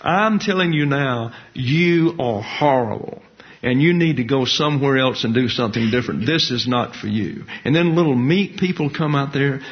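A man, preaching a sermon in a measured, folksy teaching manner with colloquial asides. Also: mid-range voice, animated. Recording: dull lo-fi recording.

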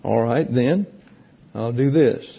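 A man leading a Bible class, teaching in a teasing, conversational way and explaining points slowly to a room of listeners. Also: medium pitch, gravelly, breathy edge. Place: church classroom with an audience. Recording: dull lo-fi recording.

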